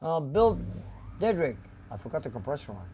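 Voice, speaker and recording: A man with a somewhat high voice hosts a casual live stream from his garage. He reads viewer comments aloud one after another, chatting loosely about each, and now and then slips into Greek phrases. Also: sing-song, moderate pace, warm tone, breathy edge. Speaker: host reading live chat. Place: car garage shop.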